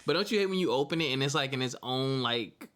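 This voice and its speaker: A man's voice: medium pitch, lively intonation, fast talker, a bit bright. A man hosting a podcast in casual, loose, slangy chat, joking with his co-host.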